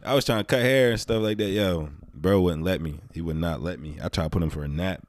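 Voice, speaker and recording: A young man co-hosting a casual podcast chat, telling stories with animated, loud bursts when riled up. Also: low voice, fast talker. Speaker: podcast co-host.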